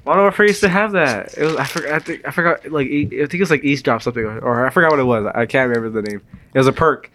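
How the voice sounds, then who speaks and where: A man's voice: medium pitch, very fast, a bit bright, slight background noise. A young man co-hosting a podcast in casual chat, rambling and trailing off as he tries to remember things. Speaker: podcast co-host.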